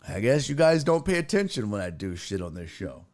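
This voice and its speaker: A man hosting a sports podcast, chatting casually, excitable and profane, often laughing and imitating voices. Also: on the low side, fairly quick.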